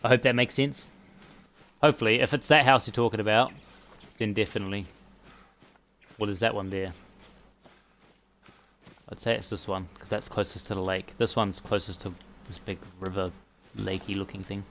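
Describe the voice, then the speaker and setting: A man live streaming a hunting game, chatting casually and often dropping to a quiet mutter. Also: fairly low pitch, steady tone, moderate pace, long pauses, slight background noise. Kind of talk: casual gameplay commentary.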